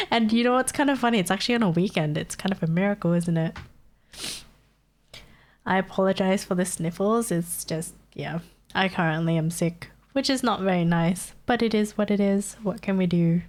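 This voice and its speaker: A woman's voice: mid-range voice, normal speed, darkish tone. A young woman streamer with a stuffy nose and sore throat, chatting casually and answering her chat. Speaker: live streamer.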